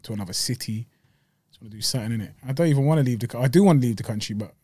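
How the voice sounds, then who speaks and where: A man's voice: medium pitch, racing, warm tone, slightly rough, no echo. A man chatting as a podcast co-host, slangy, rambling and jokey. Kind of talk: casual banter.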